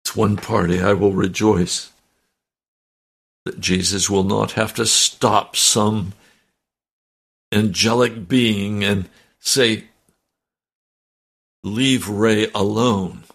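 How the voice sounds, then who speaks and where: A man's voice: fairly low pitch, fairly even intonation, slow, creaky, long pauses, fairly bright tone, breathy edge. A man preaching a fervent, emotional sermon and reading scripture aloud.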